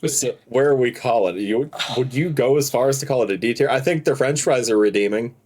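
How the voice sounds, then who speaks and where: A man's voice: mid-range voice, a little fast, darkish tone. A man co-hosting a casual podcast, telling stories animatedly and laughing through them. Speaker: podcast co-host. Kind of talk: casual chat, storytelling.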